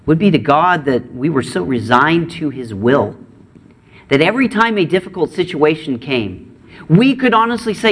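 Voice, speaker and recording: A middle-aged man preaching a sermon, earnest, moving between raised and hushed delivery. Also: fairly high pitch, expressive, moderate pace, slightly rough. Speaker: pastor.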